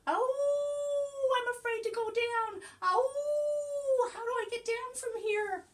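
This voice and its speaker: A woman's voice: extremely high pitch, slow, background noise, pitched above the performer's own voice. A woman voicing a nervous little male puppy in a storybook, talking in a quavering, worried way. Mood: scared.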